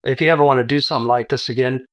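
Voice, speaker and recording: A man voicing a gruff male orc street dealer who talks in a blunt, streetwise way. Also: mid-range voice, fairly even intonation, racing, no room sound, natural voice. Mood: businesslike.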